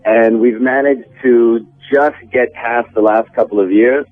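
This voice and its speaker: A man calling in as a guest to a radio talk show, relaxed and joking about himself. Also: medium pitch, measured pace. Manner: relaxed, self-deprecating, joking. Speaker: phone-in guest, actor. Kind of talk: casual radio interview. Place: Vancouver. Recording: tinny phone line with faint music.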